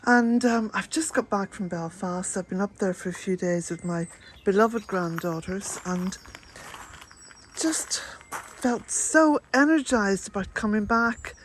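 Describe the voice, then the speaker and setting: An older woman, chatting to camera in a gentle, rambling way and chuckling often. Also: mid-range voice, expressive, a little slow, a little hiss or hum. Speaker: vlogger. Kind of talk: casual chat to camera.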